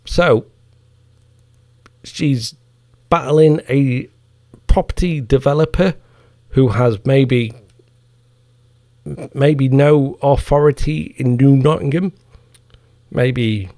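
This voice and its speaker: A man runs his own podcast and holds forth in a casual, foul-mouthed rant full of mockery. His voice is gravelly and sits at a middling pitch. The recording is dry and close, with no room sound. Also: slow, pauses often, mellow, no room sound. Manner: profane, heated ranting with mocking asides. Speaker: podcast host.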